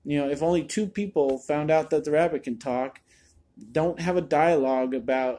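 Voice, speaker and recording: A man talks through a movie review in a loose, chatty way, sounding exasperated and often repeating a word as he restarts a sentence. His voice sits a little on the high side, with a mellow, soft-edged tone. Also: normal speed. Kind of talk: casual spoken review.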